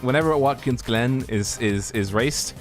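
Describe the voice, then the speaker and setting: A man with a mid-range voice co-commentates a sim race in a relaxed, rambling way, pausing on fillers as he talks. Faint music plays beneath his voice. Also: medium pitch.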